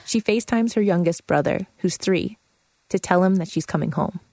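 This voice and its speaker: A woman narrating a radio feature in a measured, matter-of-fact scripted way. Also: medium pitch, mellow, no echo.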